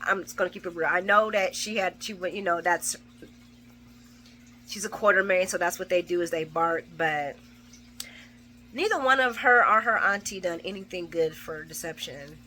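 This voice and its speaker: Bright-voiced woman recapping a soap. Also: fairly low pitch, normal speed, slight background noise. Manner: animated, swears freely, acts out characters' lines. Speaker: soap opera recap vlogger. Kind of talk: casual spoken recap.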